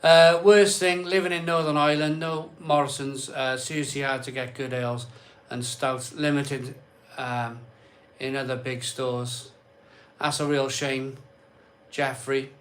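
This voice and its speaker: His voice sits in the mid range, slightly bright, with a flat, unhurried delivery. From a cold conservatory bar at home, he hosts a live stream, working through viewer comments in a loose, talkative manner and repeating himself often.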